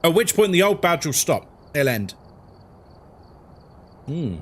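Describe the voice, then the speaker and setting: A man's voice: on the high side, very animated, slow pace, husky. A man with a London accent, live-streaming a horror game and chatting with viewers about their comments. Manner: chatty, answers chat comments. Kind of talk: live-stream chat while gaming.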